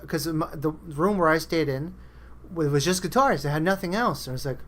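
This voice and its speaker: Fairly high in pitch, brisk, and rather bright in tone, the podcast host keeps things casual. He rambles through anecdotes, giving voice to his friends' lines along the way.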